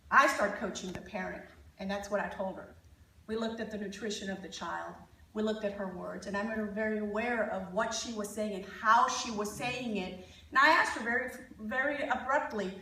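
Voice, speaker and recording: Lively woman speaking in an echoey hall. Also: mid-range voice, recorded from a distance, a little hiss or hum. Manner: animated storyteller, quoting parents and joking with the audience. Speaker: conference speaker and parent coach. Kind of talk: conference talk with anecdotes. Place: conference hall.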